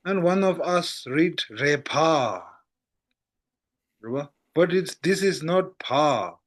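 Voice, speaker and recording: A man teaching an online language lesson, patient and repetitive, often checking whether students follow. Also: fairly high pitch. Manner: slow, patient, repeats checks like "how goes, no?". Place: online class over a shaky internet connection.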